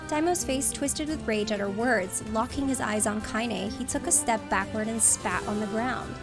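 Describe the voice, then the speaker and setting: A woman streamer reads a novel aloud in a steady storybook manner. Her voice sits fairly high. Quiet music plays faintly underneath. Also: moderate pace.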